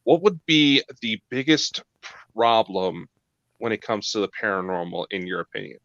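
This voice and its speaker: A man's voice: on the low side, moderate pace, a bit bright, dry recording. A man co-hosting a podcast, joking and asking questions in casual chat. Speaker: podcast co-host. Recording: dull, dry lo-fi audio.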